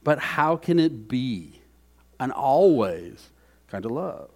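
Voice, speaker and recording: A man preaching a sermon as pastor, earnest, repeating key phrases and dropping softly for emphasis. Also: medium pitch, big pitch swings, slow pace.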